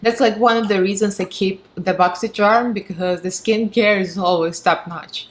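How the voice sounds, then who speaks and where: A woman's voice: medium pitch, fairly even intonation, normal speed. A woman with a Russian accent giving a chatty, frank and sarcastic product review, laughing often. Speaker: beauty vlogger.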